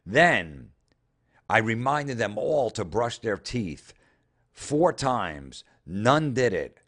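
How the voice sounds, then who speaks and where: A man with a lowish voice rants through social media posts in comedic commentary. He is sarcastic and openly incredulous, and he swears freely as he mocks each line. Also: very animated, very slow, a bit bright. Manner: sarcastic, incredulous, profane ranting. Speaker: comedian host.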